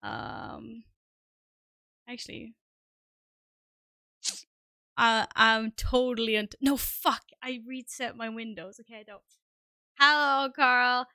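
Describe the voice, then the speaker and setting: A woman's voice: a little high, animated, slow pace, long pauses, sharp tone, no echo, clean studio sound. A woman streamer chatting casually and scatteredly with her viewers, self-deprecating and swearing often. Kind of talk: casual live-stream chat.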